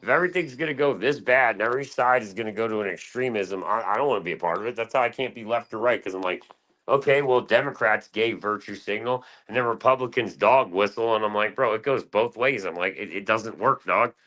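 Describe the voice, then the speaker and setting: On a casual talk panel, an American man bluntly rants with profanity, rambling from one complaint to the next as a podcast panelist giving his opinions. His voice is on the low side, fairly quick, and fairly bright, recorded with no echo.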